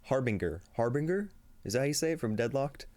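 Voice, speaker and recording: A man with a mid-range, darkish voice races through an upbeat, casual livestream chat, laughing often and reading viewers' messages aloud. Despite the cheerful manner, he sounds tired and a little shaky.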